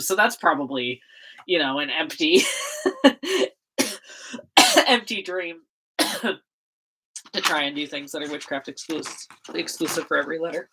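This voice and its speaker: A woman with a low voice that leaps up and down a lot chats on her livestream while she works at her desk. She rambles, laughs often and keeps stopping to correct herself. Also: animated, a little slow, long pauses, noisy background. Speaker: livestreaming zine maker. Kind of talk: casual rambling livestream chat.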